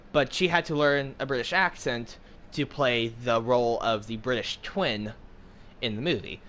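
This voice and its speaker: An American gaming streamer in his twenties chats casually as he plays, his medium-pitched voice a bit bright. He rambles, jokes around, and fills his talk with fillers.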